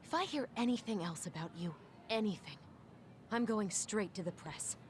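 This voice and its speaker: A woman's voice: medium pitch, moderate pace, a little hiss or hum, natural voice. An actress playing a stern, indignant woman school official who speaks in a cutting, scolding way.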